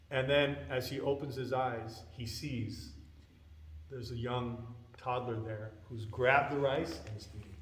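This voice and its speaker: A man tells a scripture story to his class with an animated, expressive delivery. His voice sits at an average pitch. The temple hall gives it a roomy, long-ringing echo. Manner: animated storyteller who acts out the characters. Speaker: class speaker. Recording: echoey hall.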